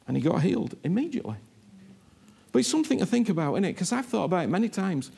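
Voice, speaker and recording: Gravelly high-voiced preacher man. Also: big pitch swings, normal speed. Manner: emphatic, repeats words, voices imagined speakers, drops low and soft in prayer. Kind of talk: sermon with prayer.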